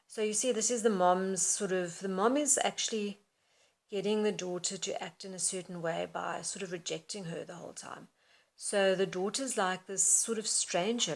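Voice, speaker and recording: A woman's voice: mid-range voice, steady tone, moderate pace, gravelly. Woman teaching reading aloud. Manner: explains expressively, then reads passages aloud.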